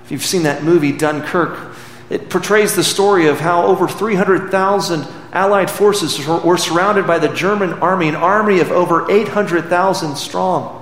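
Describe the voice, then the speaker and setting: A man's voice: high-pitched, normal speed. Earnest man preaching in a hall. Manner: earnest storytelling, retelling a film scene. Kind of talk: sermon. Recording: echoey hall with faint background noise.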